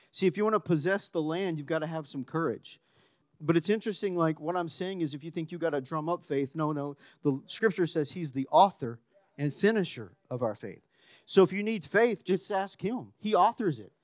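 A man preaching a sermon, animated and conversational, dropping to a hushed voice when acting out quotes. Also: a little high, no echo, clean studio sound. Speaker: pastor.

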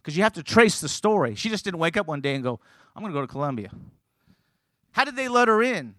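A middle-aged man preaching a sermon, telling stories and moving from loud, emphatic lines to quiet, hushed ones. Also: sits high, very animated, quick pace, dry recording.

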